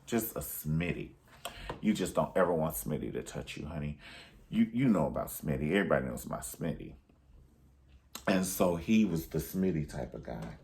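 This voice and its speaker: A man's voice: extremely low pitch, expressive, normal speed, vocal fry, a little mellow, slight background noise. A man recapping a film in a sassy, profane, theatrical way. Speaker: film reviewer. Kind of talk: casual movie recap.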